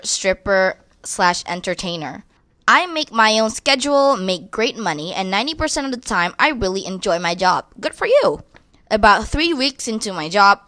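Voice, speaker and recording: A woman's voice: medium pitch, sharp tone, no echo. A young woman reading online posts aloud and breaking in with blunt, crude, sassy commentary. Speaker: commentary creator.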